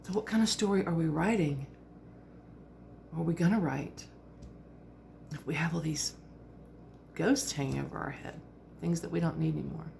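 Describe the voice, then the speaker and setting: A woman in her fifties talks to camera in a chatty, reflective way. Her voice sits low with a gravelly edge, and a faint hiss of noise runs behind her. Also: moderate pace, pauses often, a little mellow. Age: 50s. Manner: chatty and reflective, with frequent fillers and laughs. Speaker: vlogger. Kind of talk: casual reflective monologue.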